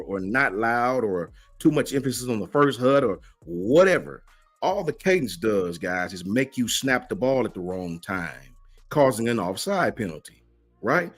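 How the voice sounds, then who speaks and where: A man hosts a livestream and answers the chat, emphatic and slangy, firing off rhetorical questions. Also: medium pitch. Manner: slangy, keeps asking "right?". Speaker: host of a college football fan channel.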